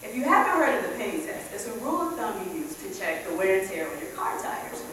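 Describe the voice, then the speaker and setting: A woman's voice: mid-range voice, big pitch swings, quick pace, fairly bright tone. A woman in her thirties giving a humorous speech on stage, telling her story with animation and laughing at her own jokes. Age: 30s. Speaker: contest speaker. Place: large hall, on stage. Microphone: far camera. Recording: echoey hall from far off, audience noise.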